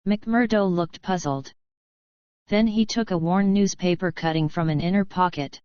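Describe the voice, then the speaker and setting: A woman narrating an audiobook in a measured, even reading in a dull lo-fi recording. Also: on the low side, smooth, no room sound. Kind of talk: scripted narration.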